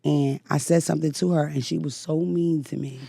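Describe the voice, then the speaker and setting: A woman in her forties, a podcast guest, telling loud, profane stories in casual chat. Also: low voice, steady tone, a little fast, gravelly, breathy edge, no room sound, studio quality. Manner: loud storytelling with swearing and laughs.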